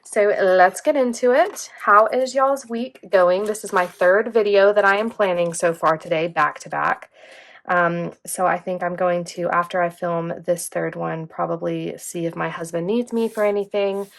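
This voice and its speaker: A woman's voice: on the low side, steady tone, normal speed, vocal fry. A young woman, chatting casually and rambling as she plans in her vlog. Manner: chatty, rambling, says "like" often. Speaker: planner vlogger. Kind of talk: casual chat while planning.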